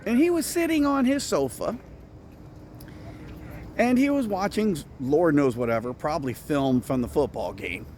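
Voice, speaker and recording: A man, a football coach and teacher, telling lively stories about a late friend and mentor, then speaking earnestly in tribute. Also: normal speed, slight background noise. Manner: animated storytelling, rising high when excited, earnest when reflecting. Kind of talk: casual storytelling tribute.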